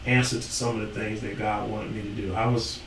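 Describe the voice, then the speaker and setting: A man's voice: fairly low pitch, flat delivery, fairly quick, a bit bright, distant mic. A man co-hosting a ministry talk, reflective and confessional as he shares his testimony. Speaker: ministry co-host. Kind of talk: testimony-style faith talk. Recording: echoey room, away from the mic, faint hum.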